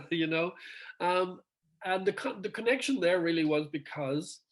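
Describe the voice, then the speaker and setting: A man's voice: high voice, normal speed. A middle-aged male rock singer telling stories in a casual interview over a video call, acting out quoted dialogue and laughing often.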